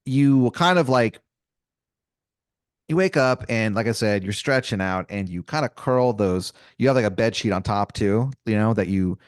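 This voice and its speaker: A young man improvising a comic story on a podcast, rambling with many fillers and mock-dramatic pauses. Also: on the low side, no echo, studio quality. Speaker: podcast co-host telling an improvised scenario.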